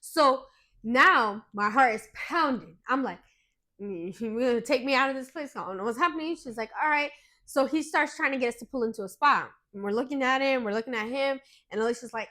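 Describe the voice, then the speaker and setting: A woman co-hosting a podcast, telling a story in casual chat with animated, dramatic retelling and some swearing. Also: high voice, brisk. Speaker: podcast co-host.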